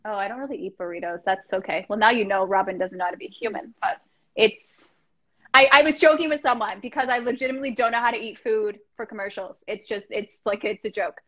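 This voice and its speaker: A Canadian woman hosting a live video chat, bubbly and quick to giggle. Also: medium pitch, fairly bright tone, highs cut off. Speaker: host. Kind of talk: casual chat.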